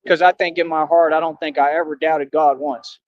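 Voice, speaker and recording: A man in an impassioned streamed rant, preachy and defiant, swinging between shouting and low brooding. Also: little pitch movement, a little fast, dry recording. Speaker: livestreamer. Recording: dry, dull lo-fi stream audio.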